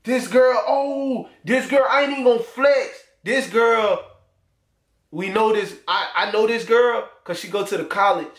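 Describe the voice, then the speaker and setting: A man's voice: sits high, a little slow. Crude, teasing young man in an echoey room. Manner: loose, crude, teasing banter. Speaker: YouTuber. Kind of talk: casual reaction commentary.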